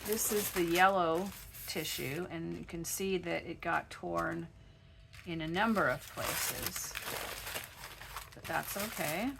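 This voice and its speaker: A woman with a froggy, gravelly voice, chatting step by step through a crafting tutorial at her home craft desk. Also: on the low side, slow, noisy background. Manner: chatty step-by-step explaining while working. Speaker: craft channel host.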